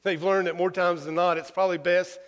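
Folksy preacher in an echoing hall. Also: male voice, high voice, little pitch movement, a bit bright. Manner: folksy, halting with fillers, humorous. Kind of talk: sermon storytelling. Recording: long hall reverb.

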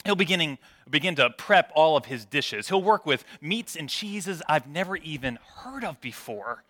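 A man's voice: on the high side, expressive, moderate pace, a bit bright. A man preaching a sermon, telling stories with self-deprecating humor before turning to prayer. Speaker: pastor.

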